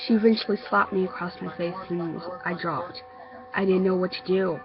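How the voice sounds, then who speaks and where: A woman narrating a homemade horror story, halting and stammering with many restarts. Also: on the low side, steady tone, music in the background. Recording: dull lo-fi recording.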